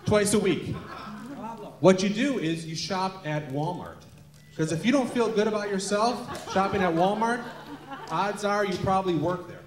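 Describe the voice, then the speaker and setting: A man's voice: sits high, lively intonation, moderate pace. A man doing self-deprecating stand-up comedy on stage at a benefit show, acting out voices. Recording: echoey hall with laughing crowd. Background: audience laughter.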